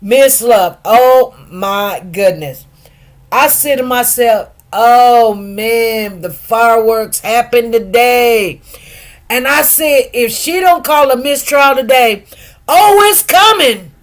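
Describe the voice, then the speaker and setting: A woman hosting casual commentary, animated and gossipy, acting out what others said. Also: fairly high pitch, slow. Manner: animated, gossipy, laughs often, acts out quotes. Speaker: news commentary host.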